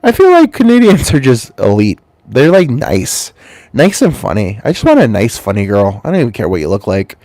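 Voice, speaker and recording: A man's voice: mid-range voice, huge pitch swings, moderate pace. Stuffy-voiced man in a crude rambling rant. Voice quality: stuffy-nosed. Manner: loose, swearing, swings between mumbles and loud jumps. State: has a cold, congested. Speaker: channel host. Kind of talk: rambling crude comic monologue.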